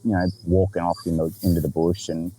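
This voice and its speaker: Low mellow Australian man telling a story. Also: fairly quick, slight background noise, poor audio. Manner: animated, swears freely, laughs often. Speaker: podcast host. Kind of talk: casual storytelling chat.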